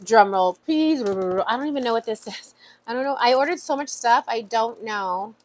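A woman's voice: fairly high pitch, normal speed. A woman vlogger chatting casually while opening mail, emotional and full of fillers. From USA. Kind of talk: casual chat.

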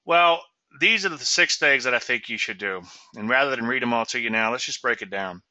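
A man's voice: mid-range voice, fairly quick, sharp tone, no room sound, muffled recording. A middle-aged man from Louisiana giving trading commentary in a chatty webinar, with sarcastic asides and a habit of tagging "okay?" onto points.

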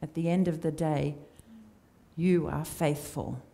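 A woman's voice: low-pitched, fairly even intonation, slow, vocal fry, a little hiss or hum. A woman preaching a sermon in a church, conversational and storytelling in her delivery. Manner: conversational, warm storytelling with acted quotes.

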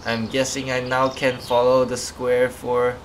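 A man's voice: medium pitch, monotone, measured pace, a little hiss or hum. A man casually commenting while he plays a game, playful and chatty, often exclaiming. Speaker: gamer. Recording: loud music behind.

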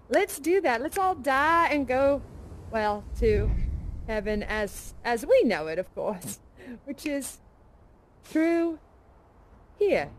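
A woman's voice: very high voice, slight background noise, exaggerated voice. An actress playing a folksy, adventurous woman aviator in a live immersive theater show, chatting and telling stories in an exclamatory way.

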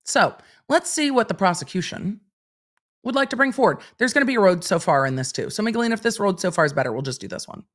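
A woman's voice: medium pitch, expressive, fast. A woman hosting a livestream, reading court documents aloud and commenting on them in a chatty, wry way. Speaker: legal commentator host.

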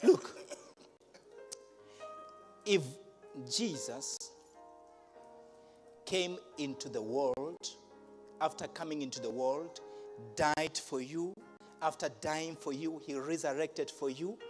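A man preaching a lively church sermon, swinging from shouts to low asides and laughing often. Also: takes it slowly, pauses often, faint music behind. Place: church hall with congregation.

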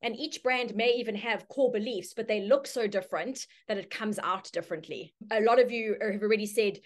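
A woman teaching a branding workshop, telling a story with lively, chatty delivery and acted-out voices. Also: fairly quick. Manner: storytelling, acts out quoted voices with sudden high squeals. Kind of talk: live online workshop talk.

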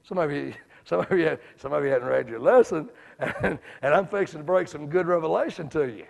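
Man, evangelist sermon, high voice, long church-hall reverb, hushed to shouting. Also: expressive, fairly quick, creaky. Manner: folksy, swings from hushed asides to shouting. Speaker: evangelist preacher.

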